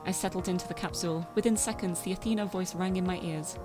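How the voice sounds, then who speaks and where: A woman's voice: lowish voice, steady tone, fast, close to an everyday voice. A woman reading first-person game narration as a tired young driver, reflective and a little uneasy, over faint game music.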